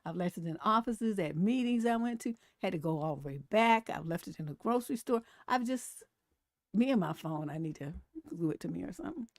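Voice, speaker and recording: Woman host over forty, casual animated live-stream commentary, dry close recording. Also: on the low side, a little fast, no room sound. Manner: chatty and animated, laughs often, reads comments aloud.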